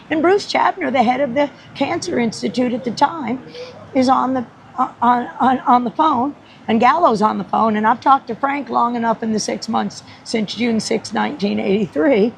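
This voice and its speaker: A woman guest on a podcast telling a story in an animated, rambling way, laughing often and acting out the people she quotes. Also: fairly high pitch, creaky, a little hiss or hum, rough recording. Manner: rambling with many restarts.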